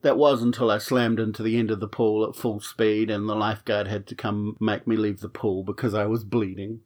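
A man's voice: fairly low pitch, little pitch movement, fairly quick, darkish tone. A man telling a comic personal story on his podcast, frank and wry, swearing freely.

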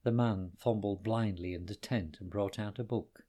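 A man reading a children's story aloud, with expressive storytelling. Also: lowish voice, normal speed. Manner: expressive, varied storyteller delivery.

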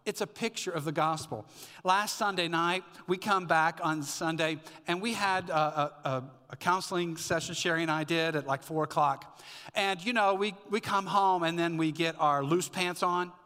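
A man's voice: fairly high pitch, normal speed, sharp tone, clear, resonant tone, big-room sound. A middle-aged man preaching a sermon as a pastor, conversational and storytelling with asides. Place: church sanctuary.

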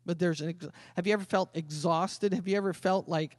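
A man preaching a sermon as pastor, swinging from loud emphatic calls to quiet conversational asides. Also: high-pitched, fairly even intonation, a little fast, few pauses, no echo, clean studio sound. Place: church sanctuary.

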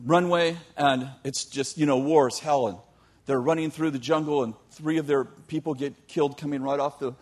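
A man telling a long story in a sermon, animated, with joking asides to his audience. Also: fairly high pitch, normal speed, few pauses. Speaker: youth teacher.

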